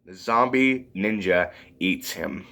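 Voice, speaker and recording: Low-voiced man, lively rambling review. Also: a little slow. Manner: rambling, full of fillers, giggles often. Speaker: movie reviewer. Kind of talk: casual video review.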